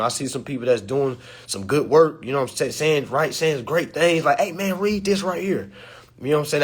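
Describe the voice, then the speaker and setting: A man in a casual talk to his camera for his followers, with loose slangy speech that swings between loud and animated and low and quiet. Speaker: social media creator. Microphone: phone or camera mic.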